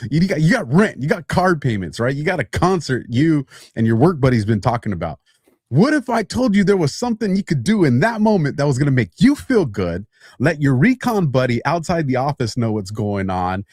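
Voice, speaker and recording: Male podcast host, storytelling ad read, animated delivery, frequent laughs, dry sound. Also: on the high side, slightly rough, dry recording. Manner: lively, builds to heated mock outrage, laughs often.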